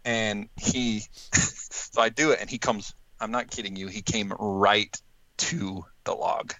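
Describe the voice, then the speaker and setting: A man's voice: lowish voice, slow pace, dry recording, dull audio. A man casually telling a hunting story, acting out quotes and laughing as he goes. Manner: animated, acts out quotes with laughs.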